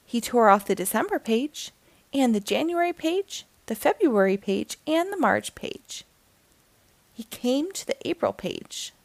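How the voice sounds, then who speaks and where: A woman reading a children's book aloud in a slow, gentle and expressive way as a storytime host. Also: fairly high pitch, creaky, no room sound. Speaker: storytime reader.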